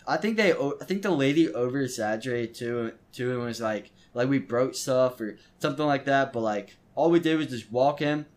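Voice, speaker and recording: A teenage boy hosts his own podcast and talks straight through a story from his life. His voice sits at an ordinary middle pitch, and the telling is loose and unpolished, full of false starts, stumbles and repeated words. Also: normal speed, few pauses. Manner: rambling, frequent restarts and stumbling repeats. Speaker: podcast host. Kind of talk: casual storytelling monologue.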